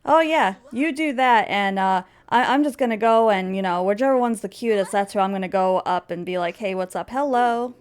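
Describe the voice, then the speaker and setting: A woman's voice: mid-range voice, brisk, hardly any pauses, clear, resonant tone, natural voice. A woman voicing a carefree, teasing young nobleman. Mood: flippant. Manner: flippant, teasing.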